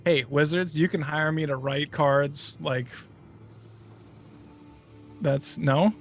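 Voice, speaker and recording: A man's voice: a little high, steady tone, takes it slowly, creaky, soft background music. A man co-hosting a podcast in casual chat, joking and hesitant while he guesses. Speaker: podcast co-host.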